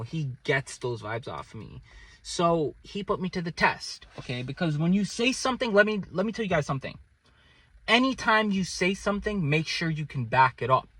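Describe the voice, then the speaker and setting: A young man telling a personal story to his viewers in a casual, animated way, often checking in with "okay?" and his loudness rising and falling. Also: medium pitch, no echo.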